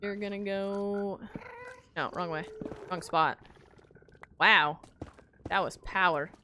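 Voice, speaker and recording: A woman's voice: mid-range voice, steady tone, slow pace, sharp tone, a little hiss or hum. A woman streaming a game, chatting to herself and her viewers as she builds, mocking her own mistakes. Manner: self-mocking, talks to herself while building. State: hiccups. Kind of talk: casual gameplay commentary.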